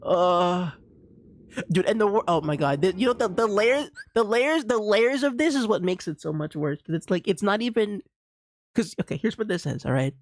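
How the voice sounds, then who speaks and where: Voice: mid-range voice, normal speed, dry recording. Exasperated streamer with a Bermudian accent. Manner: animated, exasperated ranting with frequent laughter. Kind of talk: casual gameplay commentary.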